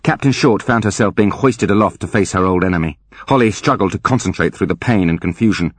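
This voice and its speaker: Guy reading a fantasy audiobook, wry and animated, kinda husky, low voice. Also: a little fast, no echo. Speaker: audiobook narrator. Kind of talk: scripted narration.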